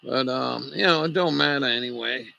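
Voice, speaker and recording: A man vlogging in rambling casual talk, grumbling and cursing, then muttering gently to his dog. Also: mid-range voice, normal speed, gravelly, lo-fi sound.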